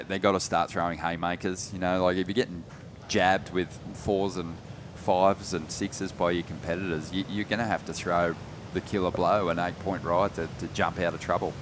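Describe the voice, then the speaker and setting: A man calling a surf contest live, relaxed, rising in energy on big turns. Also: low-pitched, noisy background. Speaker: surf commentator. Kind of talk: live sports commentary.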